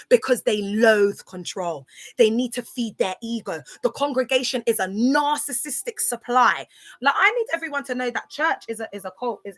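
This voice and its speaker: A woman talks bluntly on a casual livestream. Her voice sits fairly high and sounds bright and forceful. She repeats herself a lot and keeps calling out to viewers by name.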